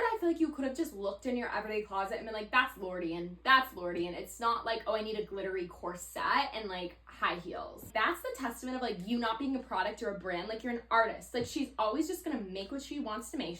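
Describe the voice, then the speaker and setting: Young woman, twenties, podcast host, chatty, swears a lot, higher voice, roomy echo. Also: lively intonation, quick pace, few pauses, a bit bright. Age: 20s. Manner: chatty, swears freely, heavy "like" filler. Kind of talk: casual solo podcast monologue.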